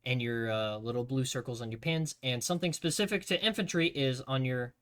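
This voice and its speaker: A man telling army training stories to his stream in a casual, profane, animated way. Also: medium pitch, a little fast.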